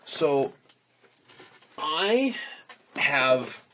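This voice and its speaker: A young man co-hosting a casual podcast chat, rambling eagerly through his stories. His pitch swings widely as he talks. A faint hiss and the odd click sit under the voice. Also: big pitch swings, drawn-out words, pushed and bright. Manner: enthusiastic, rambling storyteller. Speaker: podcast co-host.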